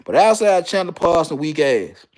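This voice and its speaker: A man's voice: fairly high pitch, moderate pace. A middle-aged man from Memphis with a Southern Memphis accent, ranting in casual, profane slang as a commentator. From Memphis, Tennessee. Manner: animated, heavy slang and cursing.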